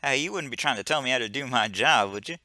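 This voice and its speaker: A man's voice: medium pitch, lively intonation, fast, pushed and bright, dry recording, clean studio sound. A man voicing a laid-back, dismissive male ship engineer in a video game who brushes off every worry. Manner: breezy, brushes off worries.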